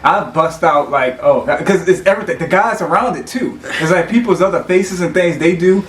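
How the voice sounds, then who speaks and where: A man's voice: high voice, normal speed. A man co-hosting a podcast in casual chat, laughing often and rambling loosely. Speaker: podcast co-host. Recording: roomy echo, faint background noise.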